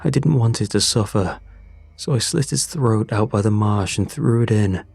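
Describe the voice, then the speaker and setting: A man reading as a hoarse dying old farmer. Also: lowish voice, a little mellow, no room sound. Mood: grim. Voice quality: hoarse, rasping. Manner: weak, halting confession. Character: dying old farmer father, grim and guilt-worn. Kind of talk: scripted horror narration.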